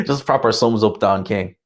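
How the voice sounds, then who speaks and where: A chatty man hosts a boxing livestream, rambling loosely through viewer comments with frequent laughs. His voice sits fairly low. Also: huge pitch swings, unhurried. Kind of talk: casual chat reading viewer comments.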